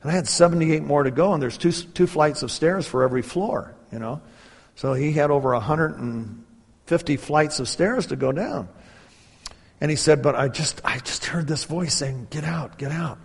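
A man's voice: on the high side, normal speed, creaky, breathy edge. A man preaching a sermon, earnestly retelling a survivor's story with quoted dialogue before turning to scripture. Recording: long hall reverb.

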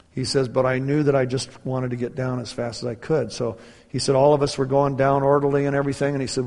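Earnest preacher in a reverberant hall. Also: male voice, medium pitch, darkish tone. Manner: earnest, retelling a story with quoted dialogue. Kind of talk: sermon with storytelling.

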